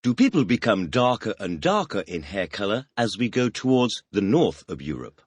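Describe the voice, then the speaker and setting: A man reading the teacher's questions in a scripted audio language lesson, announcing words and asking quick questions. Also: on the low side, very animated, breathy edge, no room sound. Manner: announces words, then fires quick questions with a clipped "please".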